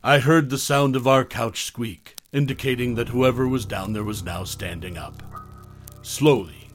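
A man softly narrating a horror tale. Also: mid-range voice, lively intonation, a little slow, soft background music.

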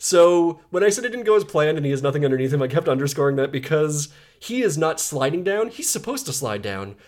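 A man casually retelling a story on a podcast, reading quotes aloud with animated emphasis. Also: fairly high pitch, fairly quick.

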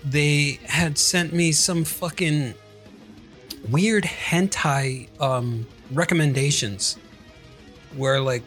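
A man's voice: a little high, a bit bright, soft background music. Laughing, swearing man in casual chat. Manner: profane, laughing, quick to react.

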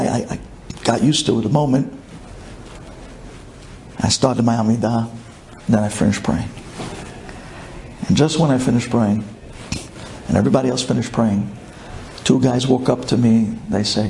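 Animated gravelly storyteller. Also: male voice, high-pitched, unhurried. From Brooklyn, USA. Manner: excitable, swings from hushed to shouting.

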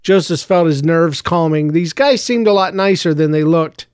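A man narrating a story in a steady, even reading. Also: fairly high pitch, normal speed, clean tone, no echo, clean studio sound. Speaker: audiobook narrator.

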